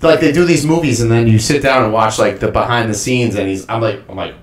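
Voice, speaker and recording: A man's voice: medium pitch, quick pace. A man hosting a podcast, asking blunt questions and swearing freely in casual chat. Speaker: host. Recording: echoey room.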